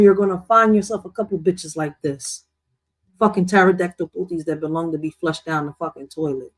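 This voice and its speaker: A man's voice: a little high, a little fast, slightly rough. A man co-hosting a news commentary show, talking casually with heated, profane outbursts. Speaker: co-host.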